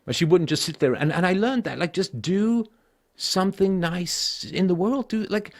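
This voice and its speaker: A middle-aged man hosting a call-in show speaks plainly and profanely about his own experiences. He keeps a moderate pace while his voice drops into low weariness and later swells loud and emphatic.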